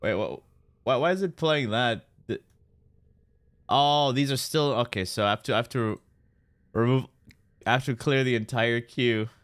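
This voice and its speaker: A man's voice: medium pitch, moderate pace, pauses often, fairly bright tone, no room sound. A man streaming a video game, chatting loosely with viewers and joking, with many restarts. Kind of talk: casual live-stream chat while playing.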